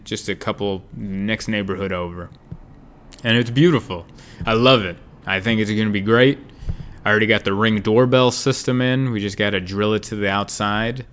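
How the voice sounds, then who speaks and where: A man's voice: lowish voice, a bit bright. A man hosting a podcast, talking in a casual, rambling monologue that drifts off topic with wry, self-deprecating humor.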